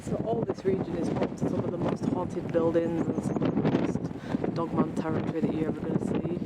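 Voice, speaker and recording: A man with a slightly high voice talks briskly in a completely flat delivery, chatting and teasing to camera as he explores woods and a windy hill for his paranormal vlog. The casual outdoor narration picks up faint wind and outdoor noise.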